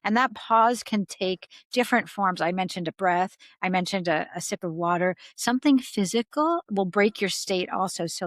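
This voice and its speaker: Calm, reflective woman consultant. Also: mid-range voice, no echo. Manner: calm, reflective, acts out quoted reactions. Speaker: guest leadership consultant. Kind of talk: podcast interview.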